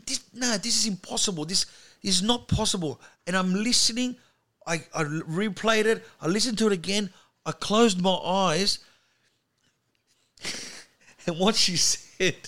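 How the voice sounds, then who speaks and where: Aussie guy, comedian, bright punchy voice, animated storytelling on a podcast. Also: a little high. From Australia. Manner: animated anecdote teller. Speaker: comedian guest. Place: podcast studio.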